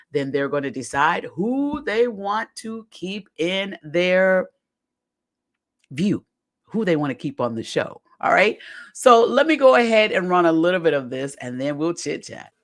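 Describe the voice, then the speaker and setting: A talkative podcast host runs through a reality show episode in casual commentary and speaks straight to the audience. The voice is animated and bounces widely in pitch. Phrases come back again and again for emphasis. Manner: addresses listeners directly as "y'all".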